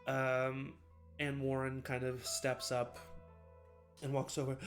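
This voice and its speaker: Laid-back guy game-mastering a tabletop game, lots of ums, soft guitar under it. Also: medium pitch, monotone, slow, long pauses. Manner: casual, filler-heavy description.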